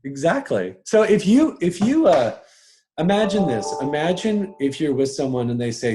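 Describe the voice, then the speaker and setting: A man coaching on personal strengths in a casual live talk to an audience. He chuckles often and slips into quick voices as he talks. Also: a little high, big pitch swings, dark tone, a little hiss or hum.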